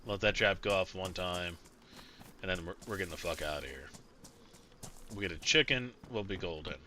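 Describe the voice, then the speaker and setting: In this casual gameplay commentary, a man chatters aimlessly over a survival role-play game, swearing freely and leaning on fillers and restarts. His voice sits low and sounds pushed and bright at a normal speed, with slight background noise.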